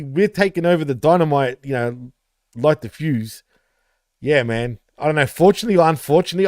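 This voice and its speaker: A man's voice: a little high, dry recording, studio quality. Profane man in banter. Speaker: podcast co-host. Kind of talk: casual podcast chat.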